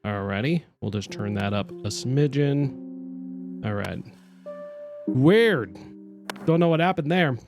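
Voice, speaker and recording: A man's voice: mid-range voice, slow pace, long pauses, music in the background. A young man streaming a story game, chatting casually and reacting with exclamations. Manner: animated and chatty, with exclamations and self-talk. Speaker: streamer playing a narrative game. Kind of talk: casual let's-play commentary, reading and voicing game characters.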